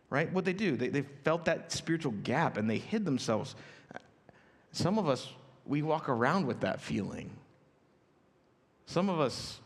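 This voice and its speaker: A man preaching a sermon in a relaxed, conversational way, telling stories and acting out quotes. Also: fairly high pitch, gravelly. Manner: conversational, storytelling with acted quotes. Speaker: pastor. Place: church auditorium. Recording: church hall reverb.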